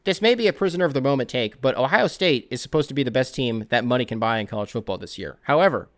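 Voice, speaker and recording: Man, sports podcast host, casual chat, rambling, excitable, profane, mid-pitched voice. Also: fast talker.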